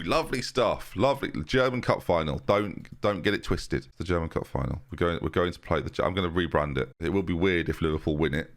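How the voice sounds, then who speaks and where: A young man giving chatty, excitable commentary over a football management game, talking straight to his viewers. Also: on the low side, a little fast, few pauses. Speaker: game YouTuber. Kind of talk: let's-play commentary.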